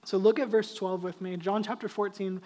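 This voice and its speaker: A man's voice: high voice, level tone, normal speed, darkish tone. A middle-aged man preaching a sermon as pastor, talking conversationally and building emphasis on key points.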